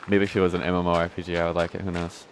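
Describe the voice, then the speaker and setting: A man's voice: deep voice, little pitch movement, rapid-fire, a little hiss or hum. A young man hosting a let's play, rambling through casual gameplay commentary, restarting sentences and swearing offhandedly. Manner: meandering, self-interrupting, swears casually. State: hiccuping.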